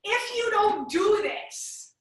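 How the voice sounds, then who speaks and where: High bright woman teaching a workshop, chatty and animated, lotta "like" and "right?", voice bouncing around a big echoey room. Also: takes it slowly, recorded from a distance. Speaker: business strategist running a workshop. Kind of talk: energetic workshop talk with personal storytelling. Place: large room at a live workshop.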